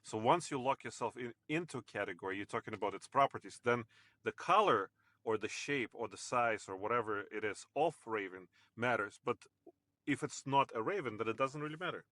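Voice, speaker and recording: A man with a medium-pitched voice joining a casual philosophy discussion. He thinks aloud and restarts his sentences now and then. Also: expressive, brisk, fairly bright tone, dry recording.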